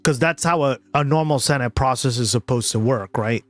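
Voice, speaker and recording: A man's voice: medium pitch, fairly quick, soft background music. A man giving casual political commentary from his parents' house, rambling and checking in with "right?" after most points. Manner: rambling, keeps adding "right?". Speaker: streamer commenting on news.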